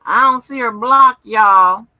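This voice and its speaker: A woman's voice: fairly high pitch, slow pace, pushed and bright, no room sound, muffled recording. A tired woman hosting a livestream, chatting loosely with viewers, swearing freely and talking through lots of fillers. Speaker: livestream host. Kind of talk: casual livestream chat with viewers.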